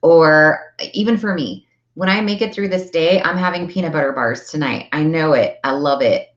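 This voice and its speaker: Low-voiced middle-aged woman, earnest self-help pep talk, echoey room, kinda dull audio. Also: normal speed. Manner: earnest, chatty, repeats phrases for emphasis. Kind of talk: motivational talk to viewers.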